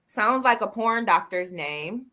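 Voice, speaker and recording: Bright-voiced woman co-host, playful banter. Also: mid-range voice, animated, measured pace. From United States. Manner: playful, profane, teasing banter. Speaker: podcast co-host. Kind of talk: casual chat.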